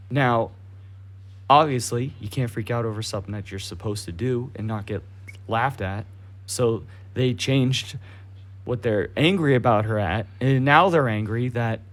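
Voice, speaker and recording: A young podcast co-host with an ordinary mid-range voice rants heatedly and profanely on a casual show. Now and then he slips into mocking voices to ridicule his targets.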